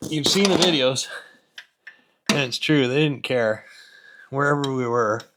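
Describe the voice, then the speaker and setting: A man's voice: mid-range voice, a little slow, noisy background. Rambling, joking man in a garage. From Canada. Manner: rambling, joking, self-mocking, muttering while he works. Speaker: home mechanic host. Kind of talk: casual workshop vlog. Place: garage, lying under an old vehicle. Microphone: camera set up nearby.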